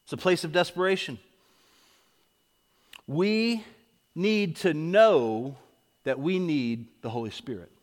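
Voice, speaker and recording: High-voiced preaching pastor in an echoey hall. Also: male voice, takes it slowly, pauses often. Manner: preaching with repeated questions and calls to come. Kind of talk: sermon. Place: church sanctuary.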